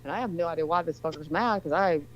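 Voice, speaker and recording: A woman's voice: on the low side, quick pace, dull audio, a little hiss or hum. A woman in her forties telling a long rambling story in casual chat, swearing often. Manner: rambling, profane, animated storyteller.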